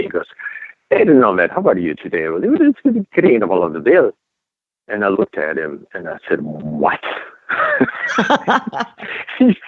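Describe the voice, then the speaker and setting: A man's voice: sits low, dry recording. A middle-aged man with a French accent, a paranormal investigator telling stories in a rambling way full of fillers and restarts. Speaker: paranormal and UFO investigator guest. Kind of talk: casual interview over the phone. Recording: tinny phone line.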